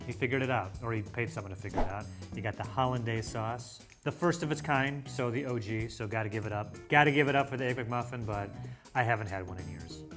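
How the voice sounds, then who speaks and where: Excitable man hosting a food show. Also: mid-range voice. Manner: playful and excitable, mock-dramatic asides. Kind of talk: casual food review to camera.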